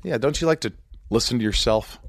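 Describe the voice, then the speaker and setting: A man hosting a podcast interview, talking in an animated, joking and teasing way. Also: mid-range voice, fairly quick, creaky, husky, no echo. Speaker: podcast host. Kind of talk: casual interview chat.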